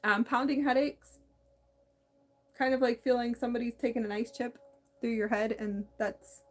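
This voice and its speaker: Woman, slightly high voice, slight lisp, halting meandering talk, soft music underneath. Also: level tone. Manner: meandering, halting, many restarts. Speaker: spiritual channel host. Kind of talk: casual spiritual monologue.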